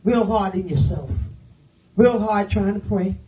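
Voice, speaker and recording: A woman pastor preaching a sermon, firing rhetorical questions at the congregation and swinging from loud declarations to hushed, near-whispered lines. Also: mid-range voice, a little slow, recorded from a distance, poor audio.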